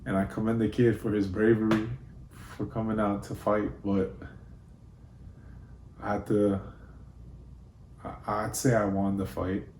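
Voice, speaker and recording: A young man telling personal stories in a relaxed, laid-back way, with frequent fillers. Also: fairly low pitch, unhurried, pauses often, a little hiss or hum. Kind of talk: casual personal storytelling. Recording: roomy with faint ambience.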